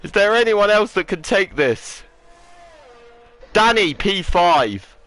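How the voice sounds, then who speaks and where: A man commentating an online racing league qualifying session, excitable and rising to shouts when lap times come in. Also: high voice, slow pace, soft background music. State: out of breath. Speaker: lead commentator. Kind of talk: esports race commentary.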